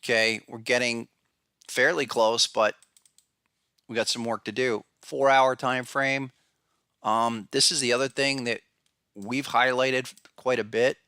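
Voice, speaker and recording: Talking markets on his podcast, a trading analyst rambles through charts with plenty of restarts and fillers, greeting viewers by name. He speaks a little slowly in a steady mid-range voice that's pushed, bright and clean. The recording is dry, with clean studio sound.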